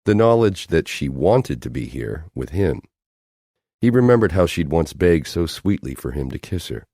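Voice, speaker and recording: A male audiobook narrator with a very deep, dark, mellow voice. He reads in a measured, dramatic way, dropping low at the ends of phrases. The sound is dry and close. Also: very animated, no room sound. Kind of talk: scripted narration.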